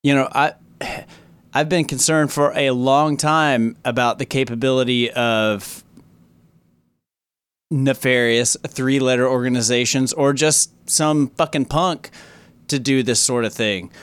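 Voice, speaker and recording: A man's voice: mid-range voice, steady tone, a little slow, a bit bright, clean tone, no echo. Sardonic, profane radio host guy. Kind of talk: casual chat.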